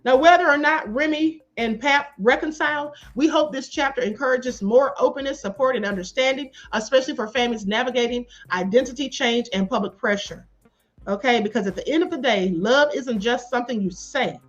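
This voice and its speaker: Sassy high-voiced woman livestream host. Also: brisk, dull audio, faint music behind. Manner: sassy, animated, calls viewers beloved and honey. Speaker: live stream host. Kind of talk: live commentary reading chat.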